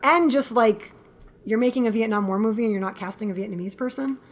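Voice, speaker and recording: A woman guest filmmaker talking in a casual interview, animated and quick to laugh, acting out what people said. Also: a little high. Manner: animated storyteller, laughs often, acts out quotes.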